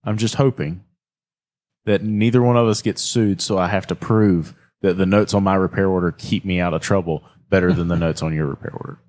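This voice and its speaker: A man's voice: sits low, fairly even intonation, fairly quick, a little mellow. A man co-hosting a live podcast, teasing his guest and laughing often.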